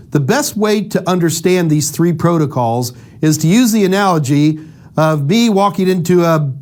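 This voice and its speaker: Lively man explaining tech. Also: on the high side. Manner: lively, acts out little dialogues in analogies. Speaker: instructor. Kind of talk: casual explanatory lecture.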